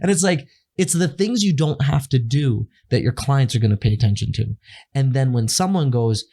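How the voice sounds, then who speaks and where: A man hosting a podcast in casual interview chat, telling lively stories with bits of quoted speech. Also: mid-range voice, moderate pace. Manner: animated storyteller who jumps into quoted voices. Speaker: podcast host.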